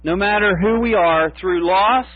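A man preaching a sermon as pastor, slow and emphatic with long pauses. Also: high-pitched, no room sound. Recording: tinny phone-like sound with mains hum.

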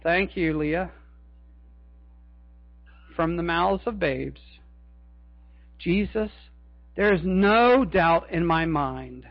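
A male pastor preaching a sermon in a church, dramatic, swinging between loud cries and hushed asides. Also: fairly high pitch, animated, extremely slow, pauses often, no echo, lo-fi sound.

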